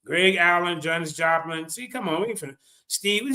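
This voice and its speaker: A man's voice: sits high, moderate pace, sharp tone. A man giving loose, joking reaction commentary, cursing freely and talking straight to his viewers.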